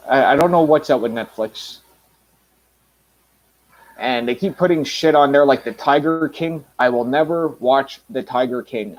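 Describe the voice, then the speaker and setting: A man's voice: mid-range voice, a little mellow, poor audio. Rambling Canadian man, casual monologue. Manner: rambling, frequent ums and restarts, blunt. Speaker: reviewer.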